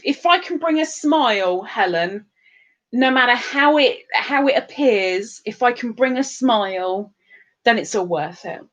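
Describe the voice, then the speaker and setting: A woman's voice: a little high, fairly bright tone. A woman with a sore throat, chatting casually and self-mockingly on a livestream as she reads out viewer comments. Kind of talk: casual chat.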